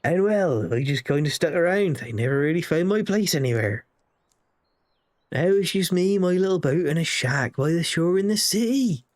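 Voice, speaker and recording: A man's voice: fairly high pitch, animated, moderate pace, close to an everyday voice. A man doing a weary, chatty supply boatman. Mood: wistful. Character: weary middle-aged male boatman delivering supplies.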